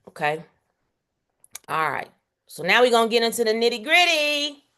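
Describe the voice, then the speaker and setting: Woman, workshop instructor, emphatic and casual, slightly high voice, keeps asking "okay?". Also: very animated, normal speed, bright, forceful tone. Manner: emphatic, repeats "okay?" to check in; casual, direct, uses slang. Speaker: bookkeeping instructor. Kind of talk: workshop teaching.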